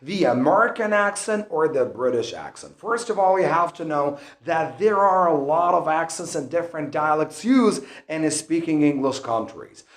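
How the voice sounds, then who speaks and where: A man teaching an online English lesson in an earnest, instructive way, whose first language is Arabic. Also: fairly high pitch. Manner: earnest, instructive, slow deliberate explanations. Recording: roomy echo.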